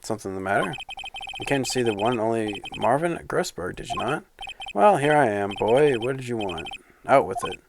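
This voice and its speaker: A man's voice: mid-range voice, sing-song, a little fast, vocal fry, background noise. A man voicing a pompous, evasive older male lawyer in a video game.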